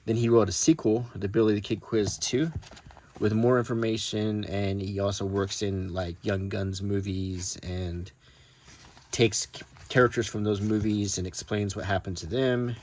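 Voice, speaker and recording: Man, lowish voice, relaxed and rambling collector, soft-spoken, casual home talk. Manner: soft-spoken, meandering, many ums and restarts; reads old newspaper text aloud in a measured tone. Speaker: book collector showing his collection. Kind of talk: casual, unscripted talk about his books.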